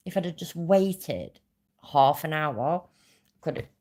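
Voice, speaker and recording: On her livestream, a woman with a deep, darkish voice vents angrily about being scammed. Her delivery is animated but slow, full of swearing and vexation, and it's a casual rant.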